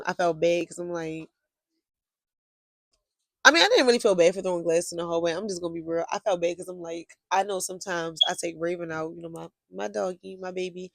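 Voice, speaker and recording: A woman's voice: lowish voice, gravelly, no echo. A young woman telling a storytime vlog in a casual, blunt and profane way, with heated outbursts. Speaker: vlogger.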